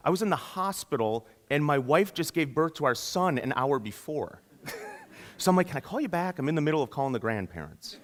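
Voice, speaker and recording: A man delivering a storytelling keynote at a conference, lively and playing out the voices of the people he quotes. His voice sits at an ordinary pitch and trails off into a long hall reverb. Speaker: keynote speaker.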